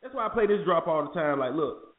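Fast-talking animated man on a tinny line. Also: a little high. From North Carolina. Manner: animated, slangy, jumps into impressions of police. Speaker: podcast host. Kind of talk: casual chat, storytelling. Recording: tinny phone-like sound.

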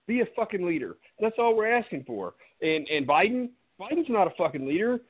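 Ranting high-voiced man on a tinny line. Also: very animated, fairly quick, husky. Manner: emphatic, profane ranting. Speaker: podcast co-host. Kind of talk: casual chat. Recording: phone-like sound.

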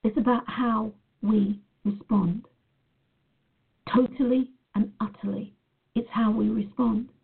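A woman's voice: fairly high pitch, steady tone, takes it slowly, gravelly, husky. A woman talking earnestly in a motivational style as a life coach, repeating words for emphasis. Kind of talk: motivational talk to camera. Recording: tinny phone-like sound.

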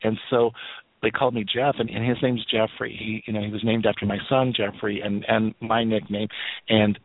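A man's voice: lowish voice, level tone, normal speed, no echo. A man in his fifties telling family stories in a rambling, casual way on a radio call, full of restarts and laughs. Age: 50s. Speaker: psychic radio guest. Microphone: phone line. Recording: tinny phone line, dry.

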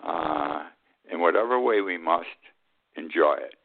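A man's voice: low voice, expressive, a little slow, gravelly. A man hosting his own weekly radio talk show, giving blunt, indignant opinion commentary. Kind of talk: opinion monologue. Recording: tinny phone-like lo-fi sound.

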